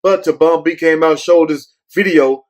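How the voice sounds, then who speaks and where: A man's voice: a little high, fairly even intonation, moderate pace. A man hosting a casual commentary show, rambling and blunt, often swearing and circling back with "but anyway.". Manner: blunt, profane. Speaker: show host.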